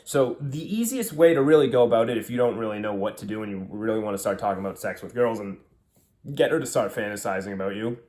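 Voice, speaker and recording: A man's voice: fairly low pitch, quick pace, darkish tone. A man talking bluntly as a dating coach, full of swearing and casual slang. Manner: profane, brash, direct. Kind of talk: blunt dating advice monologue.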